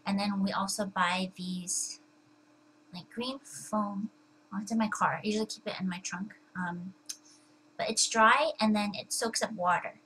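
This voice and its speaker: A woman's voice: medium pitch, fairly even intonation, a little slow, sharp tone, a little hiss or hum, rough recording. Chatty young woman vlogging. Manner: chatty, with many fillers and restarts. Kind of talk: casual to-camera chat. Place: at home.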